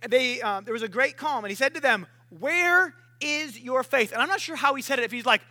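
Very high, bright-voiced male preacher. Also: rapid-fire. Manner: chatty and joking, acts out voices from the story. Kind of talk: casual storytelling sermon.

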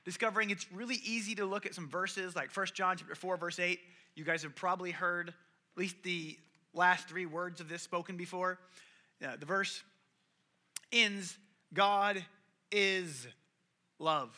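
A man's voice: high voice, steady tone, normal speed, sharp tone. A young man giving a conversational sermon, telling stories and acting out the people in them. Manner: conversational and storytelling, acts out quoted voices. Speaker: preacher.

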